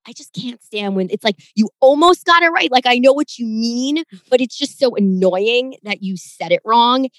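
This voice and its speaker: A woman's voice: a little high, expressive, normal speed, no room sound, rough recording. A middle-aged woman co-hosting a casual podcast, emphatic and exasperated as she complains about grammar slips. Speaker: podcast co-host.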